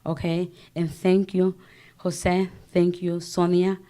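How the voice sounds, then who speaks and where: A woman's voice: mid-range voice, fairly even intonation, moderate pace. A woman in her thirties with a Salvadoran Spanish accent, a government office director giving a passionate panel speech and switching between Spanish and English. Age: 30s.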